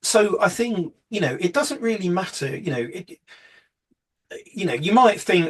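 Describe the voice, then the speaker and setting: A man's voice: sits high, lively intonation, unhurried, breathy edge. A man presenting a photography workshop in a casual, rambling way, full of fillers and restarts.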